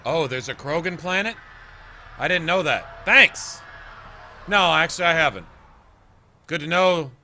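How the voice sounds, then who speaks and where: Male streamer, loud and sarcastic, sharp bright tone, faint noise behind. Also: fairly high pitch, animated, measured pace, pauses often. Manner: loud, sarcastic asides to chat. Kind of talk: casual live gameplay commentary.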